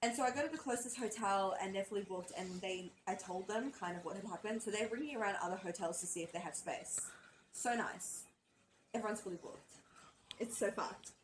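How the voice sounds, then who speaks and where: A woman's voice: medium pitch, a little fast, background noise. A young woman from Australia co-hosting a podcast, telling a story in casual chat, swearing often and acting out quotes. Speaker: podcast co-host.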